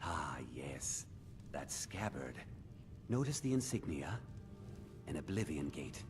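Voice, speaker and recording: A man's voice: rumbling low, very animated, slow pace, full character voice. An actor playing a zealous male museum curator who lectures earnestly about cult relics. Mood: lecturing. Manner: earnest, lecturing tour-guide delivery. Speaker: game character. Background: game music.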